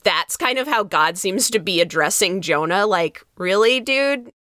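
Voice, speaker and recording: A woman pastor co-hosting a podcast, chatting in an animated way, laughing easily and acting out quotes. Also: fairly low pitch, moderate pace, dry recording, clean studio sound. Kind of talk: casual chat.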